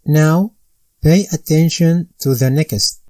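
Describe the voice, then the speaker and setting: Slow, methodical male recitation teacher. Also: fairly high pitch, dark tone, no echo. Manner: methodical, spells out letters and vowel marks one by one. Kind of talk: slow step-by-step instruction.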